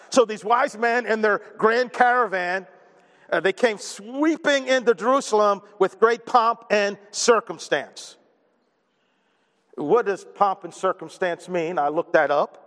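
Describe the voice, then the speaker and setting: Man, pastor, sermon, high voice, self-deprecating jokes, long hall reverb. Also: fairly bright tone. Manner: joking, self-deprecating asides.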